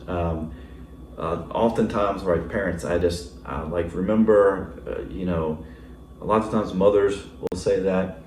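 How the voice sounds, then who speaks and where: In a church sanctuary, a male pastor gives a casual, conversational sermon packed with fillers, often checking in with the congregation by asking "right?". His voice is deep and darkish with a measured pace, captured from a distance in an echoey room with a little hiss or hum.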